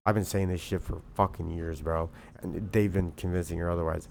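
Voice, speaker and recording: A man's voice: deep voice, steady tone, a little fast, gravelly, hardly any pauses, a little mellow, a little hiss or hum. A young man livestreaming, talking in an agitated, rambling rant full of swearing. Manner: agitated, profane, repeats "bro".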